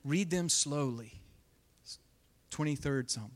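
Expressive male Bible teacher with a high voice; swings from punchy emphasis to soft near-whisper. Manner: expressive, shifts between loud emphasis and hushed near-whisper; speeds up and slows down on purpose.

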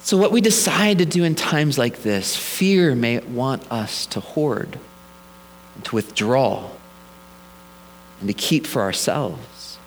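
A man preaching a sermon in a mid-range voice, telling the story casually with humorous asides. His tone is relaxed and conversational, not formal. A faint mains hum runs under the recording. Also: mid-range voice, slow pace. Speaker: pastor.

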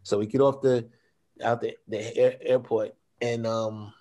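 A middle-aged man, a guest on an interview show, telling a personal story in a relaxed, slangy way. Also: mid-range voice, a little slow. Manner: laid-back, slangy, animated when quoting others. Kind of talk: casual storytelling.

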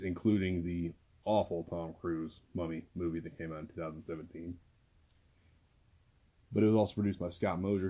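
A man hosting a movie podcast, speaking quietly and carefully close to the mic at home, his voice worn from a recent illness. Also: low voice, dull audio. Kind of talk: casual podcast talk. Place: small home recording room. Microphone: close to the microphone.

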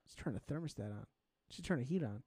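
A young man co-hosting a podcast, telling stories in a casual, animated way and acting out the people he quotes. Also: mid-range voice, fast talker, husky, dry recording. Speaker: podcast co-host. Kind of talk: casual chat.

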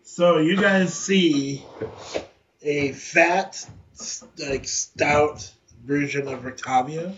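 A man's voice: fairly high pitch, extremely slow, fairly bright tone. A man playing in a tabletop game, hesitantly describing what his character does. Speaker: player. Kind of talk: casual tabletop play. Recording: dull lo-fi recording with faint noise.

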